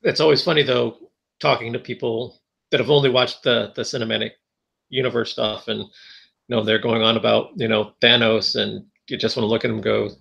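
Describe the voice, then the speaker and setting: A man's voice: mid-range voice, fairly even intonation, brisk, creaky, a bit bright, breathy edge, dull audio. A man co-hosting a casual pop-culture podcast, adding short agreements and joking asides.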